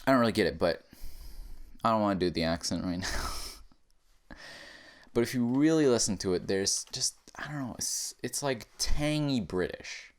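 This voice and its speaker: A man's voice: on the low side, moderate pace, pauses often. Rambling profane man ranting. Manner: rambling, profane, swings from mumbling asides to loud bursts. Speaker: podcast comedian. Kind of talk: casual comedic rant.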